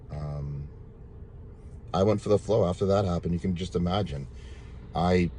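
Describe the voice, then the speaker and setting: A man casually shares a rambling, repetitive personal testimony with viewers, religious and full of thanks to God. His deep voice has a darkish tone, with slight background noise.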